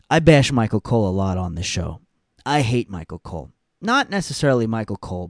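A man's voice: mid-range voice, darkish tone, dry recording, studio quality. A young adult man hosting a podcast, ranting in a blunt, profane way and repeating points for emphasis. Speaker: podcast host. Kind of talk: casual ranting commentary.

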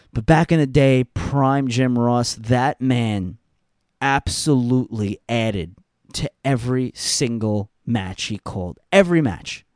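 A young adult man hosts a podcast, ranting casually in a blunt, profane way and repeating points for emphasis. His medium-pitched voice has a darkish tone, captured in a dry, clean studio recording.

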